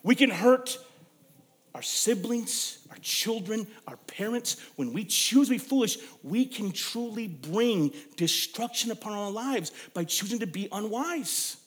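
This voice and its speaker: A young male pastor gives a sermon in a high, lively voice, his pitch leaping around as he tells stories. He punches some lines loudly and drops others to a near hush. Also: measured pace. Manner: storytelling preacher, swings from loud emphasis to hushed.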